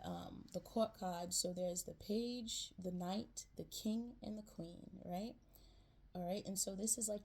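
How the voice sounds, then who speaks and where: Here the woman's voice sits fairly low, a little mellow, with vocal fry. She's doing a casual tarot reading for her viewers, talking straight to camera in a chatty, slangy way, repeating "right?" and "you know" and dropping in "man" and "yo."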